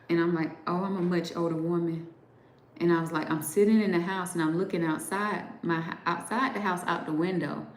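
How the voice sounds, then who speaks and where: Chatty woman in an echoey room. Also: fairly low pitch. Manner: animated retelling with many fillers and quoted dialogue. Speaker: show host. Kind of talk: casual live storytelling.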